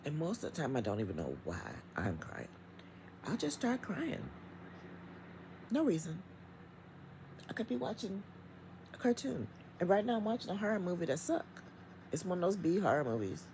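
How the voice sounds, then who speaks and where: A woman's voice: fairly low pitch, huge pitch swings, fairly quick, warm tone, slight background noise, low-quality recording. A middle-aged woman vlogging from home, talking straight to her viewers in an emphatic, chatty rant. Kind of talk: casual vlog rant.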